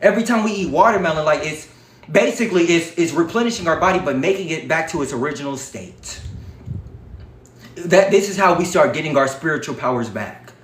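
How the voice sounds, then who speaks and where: A man hosting a livestream, talking in an animated, profane, preachy way. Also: on the high side, brisk, roomy sound. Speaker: livestream host. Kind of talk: casual livestream talk.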